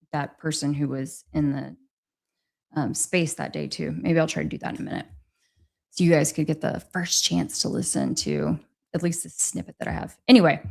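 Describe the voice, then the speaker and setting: A woman's voice: low voice, creaky, darkish tone. A woman hosting a casual livestream, chatting with viewers and thanking them for their messages. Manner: chatty, reads and thanks viewers' super chats. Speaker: livestream host.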